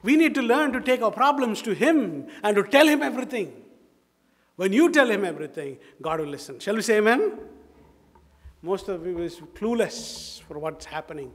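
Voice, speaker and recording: In a reverberant church hall, a high-voiced Indian man delivers a sermon in a sing-song Indian English at a moderate pace. He preaches emphatically, repeating himself and asking the congregation rhetorical questions.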